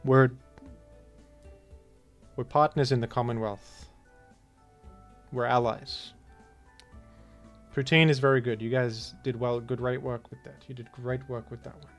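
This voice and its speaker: A man's voice: medium pitch, steady tone, a little slow, long pauses, faint music behind. A man giving casual, rambling gameplay commentary, full of jokes and mock-outraged asides. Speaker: gaming video host.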